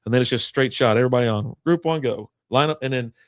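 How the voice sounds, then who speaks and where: A man's voice: mid-range voice, fast, dry recording, clean studio sound. A man co-hosting a casual chat, telling a long story in a rambling, profane way and acting out what people said. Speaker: podcast co-host.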